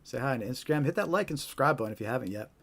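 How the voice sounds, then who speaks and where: A man's voice: medium pitch, animated, very fast. A man hosting a live stream, talking casually and often asking "right?". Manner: casual, repetitive, tag questions. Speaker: host.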